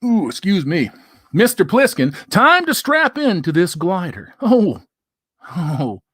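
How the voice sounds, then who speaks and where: A man's voice: sits high, wildly swooping pitch, slow, fairly bright tone, breathy edge, dry recording, clean studio sound. A middle-aged man hosting a casual livestream, reading viewer comments aloud and bantering in a loose, profane way. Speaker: livestream host.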